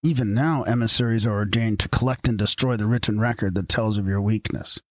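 In an audiobook reading, a man takes the part of a secret order's solemn spokesman and makes formal pronouncements. His voice is lowish and brisk, lightly acted, with no echo.

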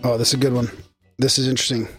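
A man's voice: medium pitch, little pitch movement, racing, over loud music. A man with a Canadian accent co-hosting a podcast in casual, rambling chat, reading out listener mail and laughing easily. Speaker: podcast co-host.

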